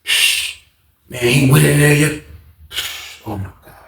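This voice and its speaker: A man hosting his own channel, telling a prison story in casual, animated slang and repeating points for emphasis. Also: on the high side, normal speed, creaky, a little hiss or hum. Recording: roomy echo.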